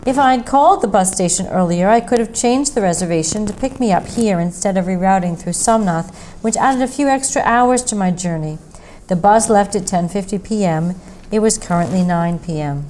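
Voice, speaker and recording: A woman reading a mystery short story aloud in a steady, measured narration. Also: mid-range voice, slight background noise, low-quality recording. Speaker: story reader.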